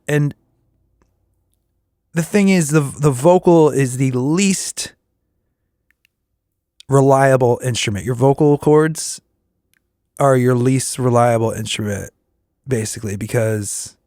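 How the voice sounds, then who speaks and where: A man's voice: mid-range voice, no room sound, clean studio sound. Tired-voiced man musing on his craft. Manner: rambling, self-correcting, talks through vocal warm-ups. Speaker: podcast host and working musician. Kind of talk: casual solo reflection.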